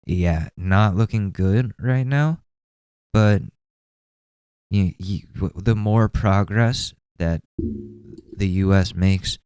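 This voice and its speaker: A man's voice: sits low, darkish tone, clean tone, no echo, clean studio sound. A man hosting a podcast in a casual, rambling way, swearing often and mocking what he sees. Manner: profane, rambling, sarcastic. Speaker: podcast host.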